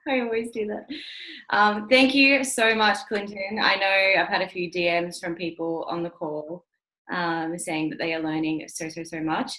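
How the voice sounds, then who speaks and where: Bright-voiced woman host on a video call. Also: lowish voice, little pitch movement, unhurried. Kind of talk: casual chat.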